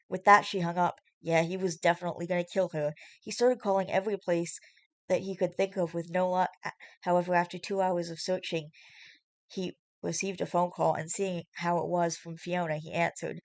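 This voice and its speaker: A woman's voice: fairly low pitch, flat delivery, moderate pace, no room sound. A woman reading fan fiction aloud on camera, with casual, chatty asides. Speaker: story reader.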